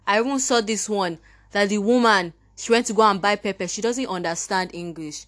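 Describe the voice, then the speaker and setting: A woman's voice: medium pitch, moderate pace, a bit bright. Teen Nigerian girl podcaster, fired-up and indignant, scoffing at the people she quotes. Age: teens. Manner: indignant, ranting, mimics others mockingly. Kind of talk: impassioned monologue.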